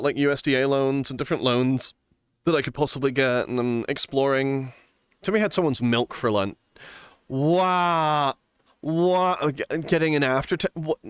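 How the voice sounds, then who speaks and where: A man's voice: mid-range voice, clear, resonant tone, dry recording, studio quality. A man streaming live, chatting casually and playfully, giggling often and reading viewer comments aloud.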